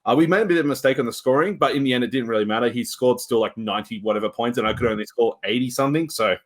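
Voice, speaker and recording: A man's voice: medium pitch, very fast. A man, co-hosting a podcast and recapping his games in casual, rambling chat with shrugging asides. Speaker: podcast co-host.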